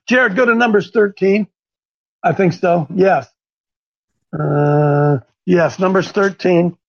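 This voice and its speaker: A high-pitched man leads a group Bible discussion with animated energy, now and then breaking into strained, crying voices as he acts out characters. The recording sounds dull and lo-fi. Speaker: Bible study leader, called coach.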